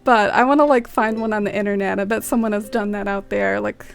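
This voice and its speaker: A woman's voice: mid-range voice, steady tone, fairly quick, gravelly, faint music behind. A woman streaming a game, chatting casually, greeting viewers by name and using lots of "like". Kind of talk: casual live-stream chat.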